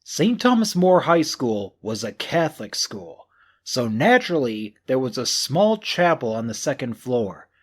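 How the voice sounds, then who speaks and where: A man reading a mystery novel aloud as an audiobook narrator, with an expressive reading that acts out the characters' thoughts. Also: mid-range voice, unhurried.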